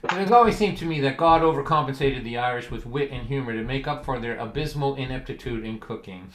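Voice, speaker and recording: A folk singer and storyteller from Massachusetts tells funny stories on a livestream, speaking a little fast at a medium pitch. His style is wry and deadpan, broken up by bursts of loud, acted-out quotes. The room is echoey.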